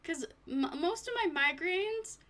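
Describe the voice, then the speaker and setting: A woman's voice: extremely high pitch, lively intonation, unhurried, fairly bright tone. A tired woman streaming casually, rambling to herself and her chat with little laughs. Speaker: vtuber streamer.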